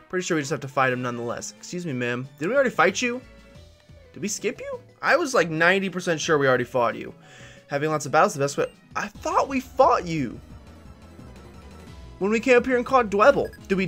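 A woman's voice: low-pitched, fairly bright tone. A woman hosting a let's play, chatting casually and making self-deprecating asides over faint game music.

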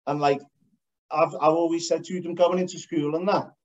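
A man hosting a podcast gives frank, plain-spoken opinions, his voice sitting somewhat high. The recording sounds dull and a little muffled. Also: fairly even intonation, moderate pace, a little mellow. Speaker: podcast host. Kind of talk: casual podcast chat.

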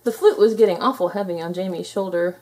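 A woman reading a children's picture book aloud in a calm, steady storytelling manner. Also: fairly low pitch, fast. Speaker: storybook reader.

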